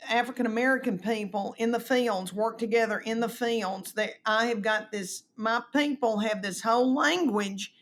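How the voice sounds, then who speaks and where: A middle-aged woman, telling animated stories and acting out quoted voices in a casual chat. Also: on the high side, normal speed, hardly any pauses. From East Tennessee, US. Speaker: comedian guest.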